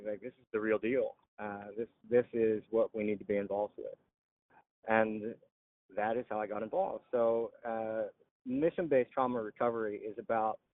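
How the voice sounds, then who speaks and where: A man's voice: medium pitch, no room sound, narrow, tinny audio. A man telling his own story in an interview, frankly and plainly, with frequent "uh" and "you know". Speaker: interviewee, veteran and dog trainer. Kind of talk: candid personal storytelling.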